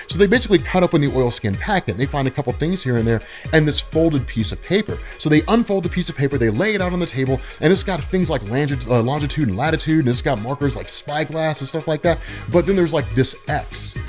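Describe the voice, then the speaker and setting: A young man retelling a story in a casual, animated, slangy way with lots of fillers. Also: on the high side, fast talker, few pauses, soft background music. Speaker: vlogger.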